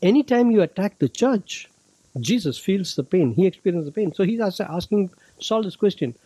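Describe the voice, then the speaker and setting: A man's voice: high-pitched, animated, normal speed, mellow, husky, no echo, rough recording. A man from India teaching a Bible lesson to children, patiently explaining and checking in with "okay?". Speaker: youth ministry director teaching a Bible club.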